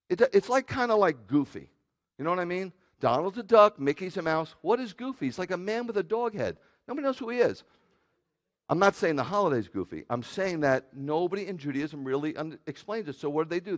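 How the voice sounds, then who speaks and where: A man preaching as rabbi to a congregation, animated and joking, swinging from loud outbursts to quiet asides. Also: a little high. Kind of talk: sermon.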